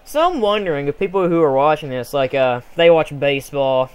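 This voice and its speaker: A young man casually commenting on a sports video game he is playing, rambling and excitable with sudden yells. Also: on the high side, a little fast, clean tone. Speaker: gameplay commentator. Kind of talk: casual let's play commentary.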